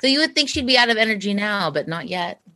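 Talking at a quick pace in a mid-range voice, with slight background noise, a young podcast co-host chats her way through an animated story. She rambles and leans heavily on fillers, saying "like" a lot.

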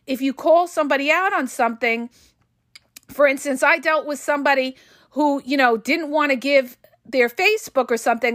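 Woman, podcast host, high-pitched, dry close mic, blunt, emphatic, swears casually. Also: moderate pace, a bit bright, dry recording. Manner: blunt and emphatic, with frequent "okay?" and "all right?" check-ins. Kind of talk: casual advice monologue.

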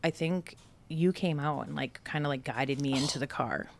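A woman's voice: low-pitched, moderate pace, vocal fry. A woman from Massachusetts, a podcast guest, telling a personal story casually with many "like"s and quoted dialogue. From Brockton, Massachusetts. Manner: casual, fillers "like" often, quotes people in her story.

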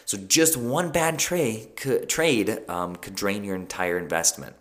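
A man's voice: on the low side, measured pace, fairly bright tone. A man hosting a solo podcast, talking casually with frequent fillers and self-corrections. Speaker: podcast host.

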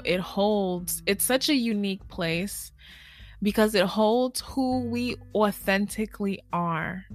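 A woman's voice: on the low side, a bit bright. A woman hosting a podcast in a casual, chatty monologue, laughing often and drawing out her fillers. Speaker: podcast host and healer.

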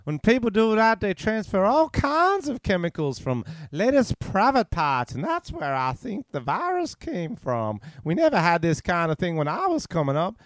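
A man's voice: high voice, wildly swooping pitch, moderate pace, hardly any pauses, dry recording, studio quality, pitched above the performer's own voice. A man doing a Southern American accent as an old ranting preacher. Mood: preachy.

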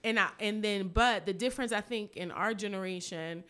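A woman's voice: mid-range voice, a little fast. A woman in her forties, a podcast guest telling stories in a casual chat and acting out the voices of the people in them. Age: 40s. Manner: animated storyteller, acts out quoted voices.

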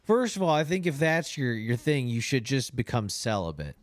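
A man's voice: medium pitch, very animated, normal speed, dry recording, clean studio sound. A man co-hosting a podcast in casual banter. He is sarcastic and crude and often slips into mocking voices. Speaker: podcast co-host.

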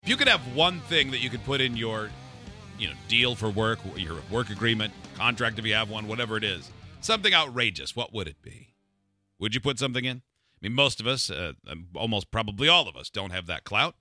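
Male podcast host, bright tone, animated delivery, chatty. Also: fairly low pitch, fairly quick, soft background music. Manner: chatty, leads the topics. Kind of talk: casual chat.

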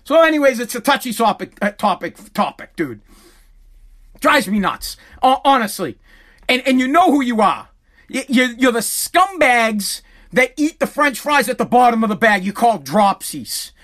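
Host, woman, high voice; profane, stammering comedic rant. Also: sing-song, normal speed, fairly bright tone. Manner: heated, profane, stammering restarts.

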